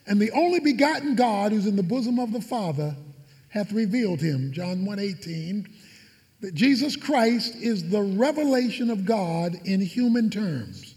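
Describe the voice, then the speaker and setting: A man's voice: sits high, lively intonation, measured pace, darkish tone, big-room sound. A man preaching a sermon as pastor, with emphatic repetition and fervent delivery.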